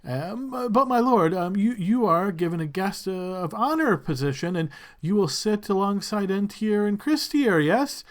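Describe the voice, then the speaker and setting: A man's voice: sits high, lively intonation, normal speed, hardly any pauses, pitched above the performer's own voice. A man doing a stammering, fawning servant. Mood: flustered. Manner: stammering, overly polite, apologetic. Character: nervous fawning male servant at a joust. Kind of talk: tabletop game character voice.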